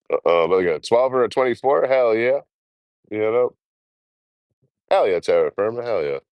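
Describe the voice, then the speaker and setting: A man's voice: medium pitch, lively intonation, unhurried, pauses often, no echo, dull audio. A man, chatting casually and profanely on a travel live stream, laughing often. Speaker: travel vlogger.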